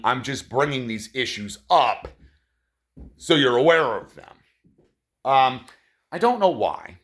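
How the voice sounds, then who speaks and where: A man's voice: mid-range voice, fairly bright tone. A man delivering a profane, sarcastic ranting monologue to his viewers. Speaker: vlogger.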